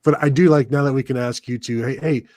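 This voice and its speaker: A man's voice: medium pitch, fairly even intonation, fairly quick, darkish tone, no echo. A man hosting a live sports podcast, talking casually with lots of fillers and restarts. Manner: rambling, many fillers and restarts. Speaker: podcast host.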